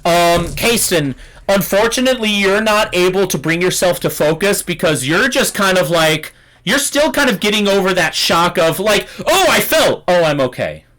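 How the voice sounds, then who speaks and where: A man's voice: sits high, moderate pace, a bit bright, low-quality recording. A man running a tabletop game as game master, narrating in a loose way with many fillers.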